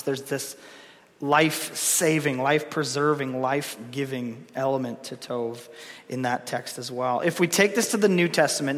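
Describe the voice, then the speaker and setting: A man preaches in a relaxed, talky way, laughing now and then and acting out the quoted lines of scripture. His voice sits a little high for a man. It rings out with the long reverb of a big hall. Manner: conversational, laughs, dramatic reading of quotes. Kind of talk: sermon with scripture reading.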